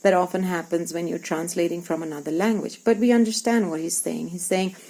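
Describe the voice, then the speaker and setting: A woman's voice: fairly low pitch, fairly even intonation, brisk, a little mellow, a little hiss or hum, rough recording. A woman teacher reading a storybook aloud to young pupils and acting out its lines as she explains words.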